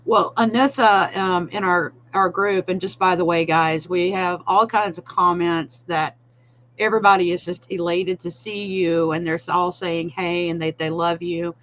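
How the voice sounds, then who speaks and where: A man's voice: high voice, steady tone, normal speed, fairly bright tone, lo-fi sound. A man hosting a podcast, passing on listener questions in an easygoing, friendly way. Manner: friendly, reads out audience questions. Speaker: podcast host. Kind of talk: casual podcast interview.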